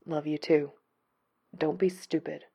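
A woman reading aloud, voicing a husky, blunt, loving middle-aged mother who swears freely. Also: low voice, steady tone, takes it slowly, mellow, heavily acted.

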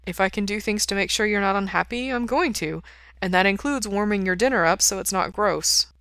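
A woman's voice: mid-range voice, a little fast, a bit bright, clean tone, dry recording, clean studio sound, natural voice. A woman reading aloud and voicing an earnest, devoted young man who sounds eager and a little nervous.

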